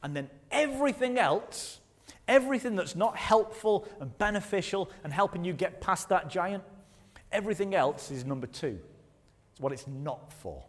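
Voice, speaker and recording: A man preaching a sermon as pastor, talking to the congregation in a lively, conversational way with plenty of rhetorical questions. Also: high voice, moderate pace, long reverb tail. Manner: leads the congregation in call-and-response. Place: church hall.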